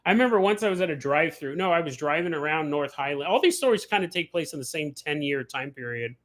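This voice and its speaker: A man hosting a casual livestream, telling animated stories, acting out the people he quotes and laughing often. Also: a little high, fast talker. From California. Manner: laughs often mid-sentence. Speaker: podcast host.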